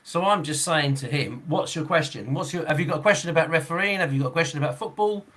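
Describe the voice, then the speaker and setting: A man in his sixties chats casually on a podcast, his voice sitting a little high for a man. He rambles, breaks off mid-sentence and chuckles between thoughts. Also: quick pace, a bit bright. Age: 60s. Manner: rambling, chuckling, with frequent fillers and restarts. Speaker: football referee and podcast host.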